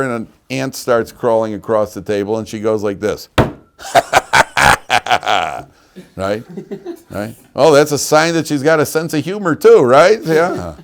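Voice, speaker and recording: A man teaching a lively class as a rabbi, telling stories and laughing at his own anecdotes. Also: fairly low pitch. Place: yeshiva classroom.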